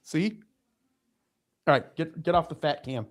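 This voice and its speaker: A man with a fairly high voice hosts a casual livestreamed chat show. He rambles from point to point and restarts his sentences often. He keeps up an easygoing, off-the-cuff flow. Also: animated, measured pace. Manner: rambling, many restarts and asides. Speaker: podcast co-host.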